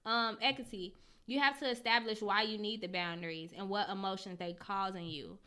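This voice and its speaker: A young woman hosts a casual livestream, reading viewers' comments aloud and answering in slangy, candid talk, swearing freely and greeting people by name. Her medium-pitched voice is fairly even, sharp, clear and resonant, at normal speed.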